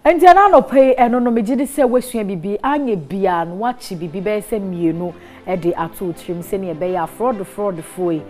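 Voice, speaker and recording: A woman's voice: medium pitch, fairly quick, warm tone, soft background music. A woman with a Ghanaian accent hosts a studio interview, asking her guest questions and nodding along with short affirmations. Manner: brief affirming backchannels, poses questions. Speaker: TV host.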